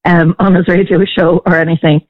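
A man's voice: high voice, little pitch movement, a little fast. A man calling in as a guest on a radio talk show, speaking hesitantly with many restarts, heard over a phone line. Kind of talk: casual chat on a phone line.

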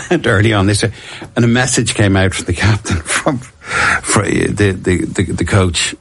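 A man's voice: on the low side, unhurried, fairly bright tone, breathy edge. A middle-aged man, telling rambling, self-mocking stories as an interview guest and laughing often. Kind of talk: casual anecdotal interview.

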